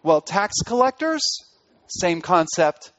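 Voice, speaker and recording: Man preaching, a bit high-voiced, earnest, dips quiet on key lines, slightly dull recording. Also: sing-song, slow. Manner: earnest preaching, drops soft on key phrases, rises to press a point. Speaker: pastor. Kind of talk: sermon.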